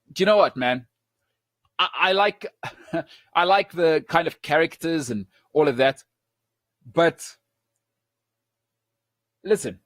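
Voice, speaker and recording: A man hosting a sports talk show, speaking forcefully with emphatic repeats and frequent restarts. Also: on the high side, dry recording. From South Africa.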